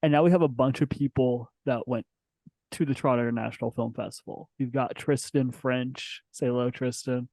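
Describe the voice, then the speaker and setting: A man's voice: medium pitch, steady tone, fairly quick, gravelly, warm tone, no echo. A man hosting a casual podcast with a group of guests, laid-back, with frequent ums. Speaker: podcast host.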